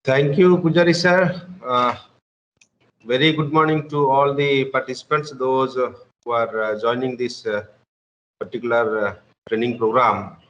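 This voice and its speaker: A man's voice: mid-range voice, fairly even intonation, a little slow, fairly bright tone, muffled recording, a little hiss or hum. Hesitant man lecturing online. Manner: hesitant, many "uh" fillers, mixes in Hindi. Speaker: guest lecturer, professor.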